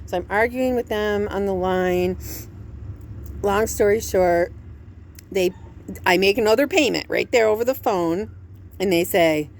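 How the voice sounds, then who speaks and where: A woman's voice: medium pitch, measured pace, long pauses, slight background noise. Anxious, rambling woman vlogger. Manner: rambling, jumping from subject to subject. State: overwhelmed and anxious. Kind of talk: candid personal vlog.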